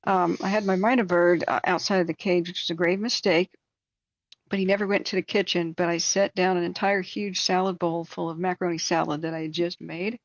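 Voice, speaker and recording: A woman with a fairly low voice hosts a live stream and tells meandering stories full of ums and restarts. The sound is dry and close, with a dull, lo-fi edge. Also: brisk, dry recording. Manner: rambling, animated anecdotes with many fillers. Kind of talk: casual chat and storytelling.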